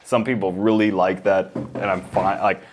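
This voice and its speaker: A man co-hosting a podcast in casual chat, animated and full of fillers. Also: low voice, moderate pace, a little hiss or hum. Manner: animated, lots of fillers, mimics voices. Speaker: podcast co-host.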